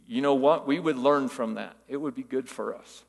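Gravelly older man preaching in a hall. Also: mid-range voice, normal speed. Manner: folksy storytelling with rhetorical questions. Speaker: church teacher. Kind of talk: conversational sermon.

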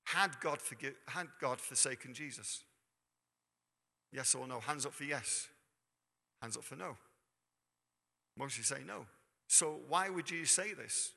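A man's voice: mid-range voice, measured pace, gravelly, long pauses, pushed and bright, slightly rough. A man preaching a sermon in a church, talking conversationally and quizzing the congregation. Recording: long hall reverb.

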